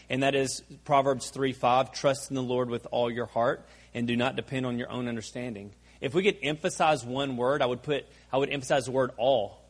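A man preaching with earnest conviction, his voice sitting a bit high for a man. He presses his points with runs of rhetorical questions, then slows down to let them land. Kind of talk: sermon.

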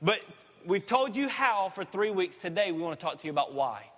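A pastor giving a sermon in a church, in a casual, folksy preaching manner with joking asides. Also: male voice, sits high, sing-song, a little fast, fairly bright tone, big-room sound. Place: church sanctuary.

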